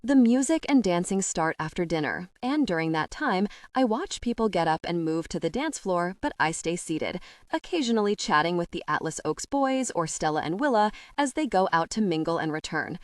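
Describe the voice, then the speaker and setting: A young adult woman narrates a first-person romance audiobook with a playful, expressive delivery. Her voice sits low but swings widely in pitch. The recording is dry and close. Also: moderate pace, no echo.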